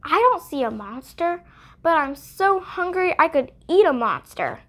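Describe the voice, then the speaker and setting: A woman voicing a hungry, fearless little girl bug in a read-aloud storybook, sounding bright and unbothered. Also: sits high, sing-song, measured pace, pitched above the performer's own voice, heavily acted. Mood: cheerful.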